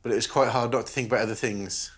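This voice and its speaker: A man's voice: medium pitch, steady tone, rapid-fire. Wry man dinner guest. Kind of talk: confessional interview.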